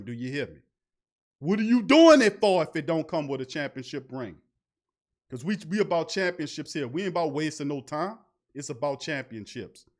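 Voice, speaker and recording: A man hosting a fan sports talk show, ranting in casual slang, firing off rhetorical questions and laughing mockingly at his team's front office. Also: fairly high pitch. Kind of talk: fan sports commentary rant.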